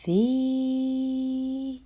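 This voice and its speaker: A woman reading a children's storybook aloud in an expressive storytelling manner. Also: high voice, extremely slow.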